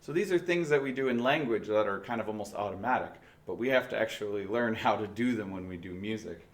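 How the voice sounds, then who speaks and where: Speaking quickly in a lowish voice, this male music teacher patiently walks through a remote band lesson step by step, with restarts. The room is echoey, and there's faint background noise.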